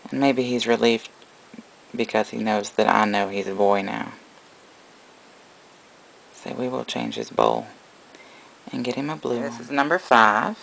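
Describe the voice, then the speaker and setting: A man narrating a casual breeder vlog with a gravelly, creaky texture in his voice. He slips between doting, cooing baby talk aimed at his animals and straightforward explanation for the viewer. His pitch sits in an ordinary middle range. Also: big pitch swings, unhurried, long pauses, a bit bright, poor audio. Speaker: reptile breeder.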